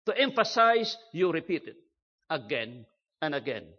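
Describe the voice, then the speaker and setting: An older man preaching a sermon, emphatic and measured, repeating key phrases for stress. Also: on the high side, very animated, breathy edge. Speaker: pastor. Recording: dull lo-fi sermon recording.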